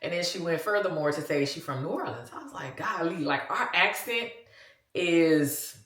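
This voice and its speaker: A woman's voice: lowish voice, animated, normal speed, fairly bright tone, roomy sound. A woman in her forties with a Louisiana accent, chatting casually to her viewers in a vlog and calling them "y'all". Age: 40s. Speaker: vlogger.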